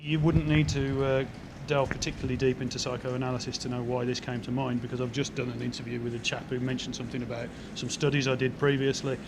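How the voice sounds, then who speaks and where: Male musician guest, dry wit, thoughtful restarts, handheld mic outdoors with clear traffic noise. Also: mid-range voice, level tone, fast talker, few pauses. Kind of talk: casual interview chat. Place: outdoors in the cold. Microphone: handheld microphone.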